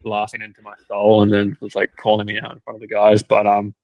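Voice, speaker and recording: A man's voice: fairly low pitch, monotone, fast talker, dry recording, muffled recording. Young man telling stories, dry sound. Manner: storytelling, lots of "like" fillers, laughs often. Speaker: cricket team videographer. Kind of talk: casual podcast chat.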